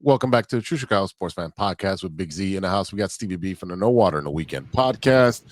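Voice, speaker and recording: A man's voice: sits low, lively intonation, fast, dry recording. A man hosting a podcast in casual chat, easygoing, laughing along and running through stats. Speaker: podcast host.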